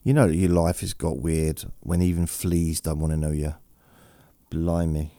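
A man rambles through a bedtime podcast in a deep, gravelly voice. He talks slowly and drowsily, wandering off topic with self-deprecating asides. The sound is dark, dry and close, processed to feel soothing. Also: steady tone, no echo. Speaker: podcast host. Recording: processed close-mic studio voice.

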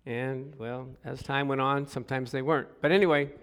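A middle-aged man preaching a sermon, telling stories with hushed asides and sudden loud exclamations, and calling out for responses from the congregation. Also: medium pitch, brisk, clear, resonant tone. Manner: animated storytelling, swings from hushed to loud exclamations. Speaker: pastor.

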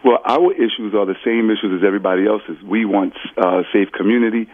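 Man speaking haltingly over a phone line. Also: fairly low pitch. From the Bronx, New York. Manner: halting, earnest, many fillers. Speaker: guest, borough official. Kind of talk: live call-in interview. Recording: phone-line call-in audio.

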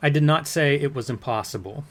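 A man acting out a defensive witness on the stand in a courtroom transcript reading. He answers in short, curt denials. His voice sits at an ordinary male pitch. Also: brisk. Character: defensive male witness testifying under oath. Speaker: witness under cross-examination.

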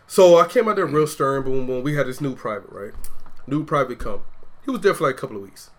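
A man's voice: mid-range voice, expressive, fast talker. A man, an army veteran, telling stories in a casual chat. He is profane and slangy and acts out what others said.

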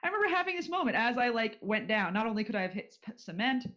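A man's voice: very high voice, very animated, rapid-fire, sharp tone. Rambling man telling a story. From California. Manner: storytelling with many fillers and restarts. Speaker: podcast co-host. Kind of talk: casual chat.

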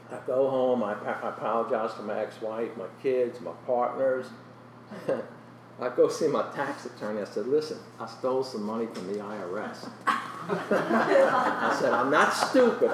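A man's voice: mid-range voice, roomy sound, recorded from a distance, slight background noise, low-quality recording. Earnest man telling his testimony. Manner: earnest storytelling, often drops to a soft, emotional voice. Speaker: guest sharing his testimony. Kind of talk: personal testimony in a Christian interview.

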